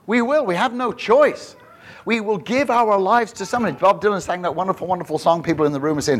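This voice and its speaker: A man preaching, his voice a touch higher than most men's. He tells a story with animated energy and breaks into voices for the people he quotes. He laughs often as he goes. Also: fairly quick. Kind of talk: sermon with storytelling.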